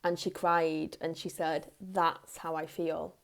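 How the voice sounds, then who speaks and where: A woman in her thirties, a parenting coach, giving earnest advice straight to the camera in a soft tone, repeating key phrases for emphasis. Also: sits low, little pitch movement, slow, vocal fry. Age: 30s. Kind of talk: direct-to-camera advice talk.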